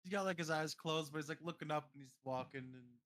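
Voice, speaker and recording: Fast, bright-voiced man playing tabletop. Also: fairly high pitch. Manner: quick, hedging with "like". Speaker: player. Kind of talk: tabletop role-play.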